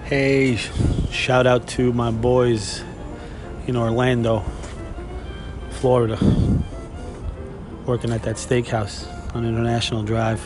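A man's voice: mid-range voice, flat delivery, slow pace, pauses often, over music. A man hosting a podcast, telling stories in a casual, blunt and profane monologue. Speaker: podcast host.

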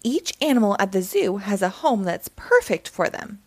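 A woman's voice: medium pitch, big pitch swings, normal speed, dry recording. A woman voicing a friendly cartoon robot boy in a children's storybook, explaining things cheerfully.

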